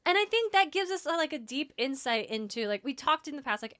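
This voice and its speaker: A woman's voice: high-pitched, lively intonation, fairly quick, a bit bright, no echo. A woman co-hosting a book podcast, chatting casually with lots of fillers and reading passages aloud. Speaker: podcast co-host.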